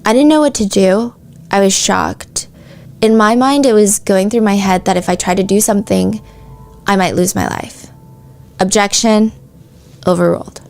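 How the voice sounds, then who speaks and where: A woman's voice: mid-range voice, normal speed, gravelly, pauses often, darkish tone. A woman hosting a true-crime podcast, reading out courtroom testimony in a casual, chatty way with frequent "like" asides. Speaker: podcast host.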